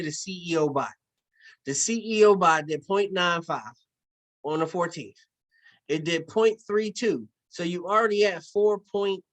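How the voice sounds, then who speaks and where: A middle-aged man giving a casual, animated sales pitch for an investment program, repeating phrases and using slang. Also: rough recording. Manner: animated, repetitive, slangy storytelling.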